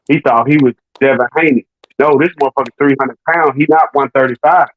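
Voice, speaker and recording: A man's voice: mid-range voice, steady tone, brisk, dry recording. A man on a boxing talk stream, talking in a slangy, emphatic and profane way. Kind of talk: casual boxing chat. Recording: tinny phone line.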